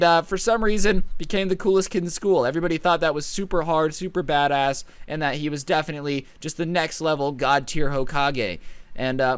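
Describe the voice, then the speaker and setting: A man in his twenties telling a comedic high school story, sarcastic and animated. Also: clear, resonant tone, no room sound. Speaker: storytime vlogger.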